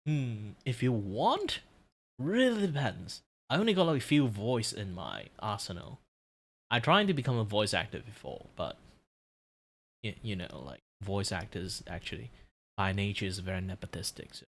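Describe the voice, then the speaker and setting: Low-voiced relaxed man streaming. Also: normal speed, creaky. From Malaysia. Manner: relaxed, rambling and explanatory. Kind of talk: casual live-stream chat while drawing.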